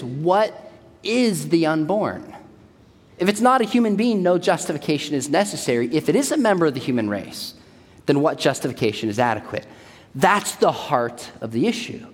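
A man delivering a sermon, telling jokes and stories with lively energy. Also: fairly high pitch. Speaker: speaker. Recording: long hall reverb.

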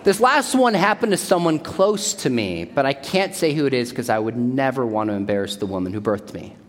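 A man delivering a sermon, telling jokes and stories with lively energy. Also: medium pitch, brisk, a little hiss or hum. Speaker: speaker. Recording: long hall reverb.

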